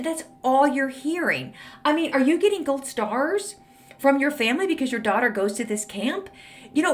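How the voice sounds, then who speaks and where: A woman's voice: high voice, a bit bright. A middle-aged woman hosting an advice podcast, blunt, sassy and exasperated as she reads and answers a letter. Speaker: podcast host. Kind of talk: snarky advice podcast monologue.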